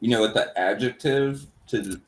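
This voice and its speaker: A woman's voice: rumbling low, moderate pace. A woman from Texas who joins a casual chat as a guest and mostly adds short, agreeable remarks. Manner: brief, agreeable interjections. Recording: roomy echo.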